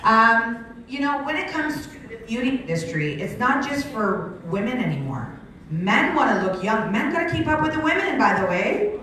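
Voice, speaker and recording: In a large, very echoey hall, a Canadian sales presenter in her sixties pitches a business to the crowd on a handheld microphone. She's energetic, shooting off quick questions, her voice strained from shouting, and the mic picks her up from far away.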